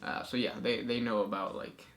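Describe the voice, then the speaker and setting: A young man co-hosting a casual chat, reading out viewer questions in a relaxed, agreeable way. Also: fairly low pitch, moderate pace.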